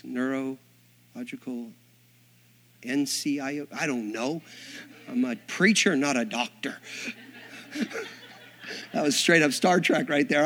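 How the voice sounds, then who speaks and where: A man of young to middle age preaches with a slightly raised pitch. He acts out every line of the dialogue, dropping to hushed asides and then climbing to loud, excited shouting. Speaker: Assembly of God minister. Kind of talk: storytelling sermon.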